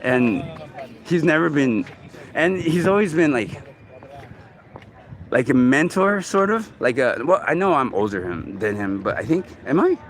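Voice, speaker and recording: A man in his forties talking casually to the camera in a halting, rambling way, full of fillers and restarts. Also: medium pitch, sing-song. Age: 40s. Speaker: vlogger. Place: outdoors in a city park.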